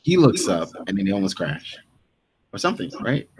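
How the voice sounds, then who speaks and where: A man's voice: lowish voice, sing-song, a little fast, a crowd in the background. A man co-hosting a podcast, casually recapping a TV episode and talking through the scenes with many restarts. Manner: rambling recap with quoted lines and many restarts. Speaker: podcast co-host.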